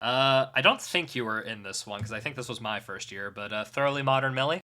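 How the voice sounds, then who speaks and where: A man's voice: medium pitch, brisk, pushed and bright. A man co-hosting a podcast in casual comedic chat, joking and improvising sing-song ditties. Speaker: podcast co-host.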